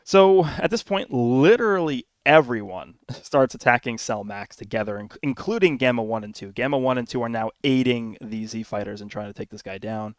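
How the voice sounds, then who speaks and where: A man's voice: medium pitch, moderate pace, hardly any pauses, dry recording. A man casually recapping a film plot for his channel, rambling with lots of fillers, restarts and little chuckles. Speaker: YouTube anime commentator.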